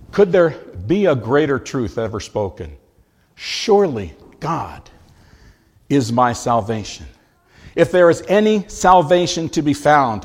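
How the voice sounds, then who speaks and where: A man preaching a sermon, leaning hard on key words and stretching them out slowly for emphasis. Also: on the high side. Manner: slow, emphatic delivery, drawing out key words.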